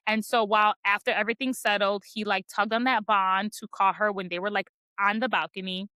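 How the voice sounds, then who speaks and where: Recapping a chapter for a book podcast, a woman chats casually, says "like" constantly, and jokes teasingly about the spicy parts. She has a medium-pitched, sharp voice with a steady tone and a brisk pace, recorded dry.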